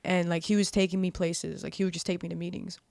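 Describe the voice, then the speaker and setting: A woman's voice: fairly low pitch, flat delivery, fast talker, gravelly, a little mellow, no echo. A woman in her twenties, a podcast guest, telling her story candidly in a profane, rambling way full of "like". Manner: profane and rambling, heavy use of "like".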